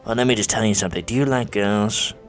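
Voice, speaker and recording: A man voicing a crude, smug teenage friend in a comedy skit, lecturing in a cocky, lewd, drawn-out way. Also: on the low side, soft background music, lightly acted.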